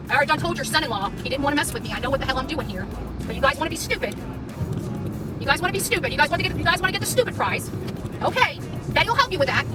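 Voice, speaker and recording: Sitting in traffic, a very high-voiced live streamer launches into an angry, confrontational rant, speaking quickly and repeating her taunts. She is a little back and far from the phone's mic, with clear music audible behind her.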